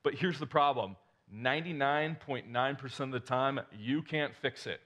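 A male pastor gives a conversational sermon, asking the congregation rhetorical questions and restarting his sentences as he goes. His voice is mid-range and fairly bright, at a moderate pace.

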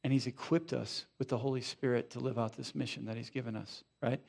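A man preaching a Sunday sermon from a church stage. His delivery is animated and conversational, full of asides and quick questions thrown to the congregation. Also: mid-range voice, gravelly. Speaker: pastor. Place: church sanctuary.

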